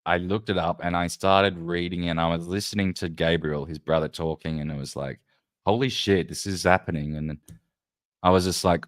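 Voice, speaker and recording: A man's voice: sits low, steady tone, moderate pace, no echo, studio quality. A man hosting a casual livestream, rambling loosely and swearing as he chats with his viewers. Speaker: livestream host.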